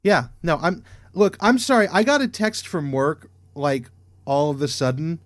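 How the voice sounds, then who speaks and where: A man co-hosting a casual podcast, eagerly recapping a TV episode and stumbling over his words when excited. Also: on the high side, measured pace, dry recording, studio quality. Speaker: podcast co-host.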